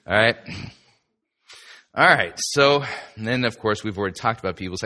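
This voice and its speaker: A man's voice: lowish voice, big pitch swings, normal speed, long pauses, bright, forceful tone. A male pastor giving a sermon-style teaching in a chatty, emphatic way, with asides to the listener.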